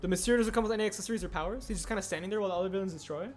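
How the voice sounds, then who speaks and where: A man's voice: high-pitched, racing. A young man streaming casually, rambling and answering chat aloud as he builds. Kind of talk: casual livestream chat while building a set. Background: faint music.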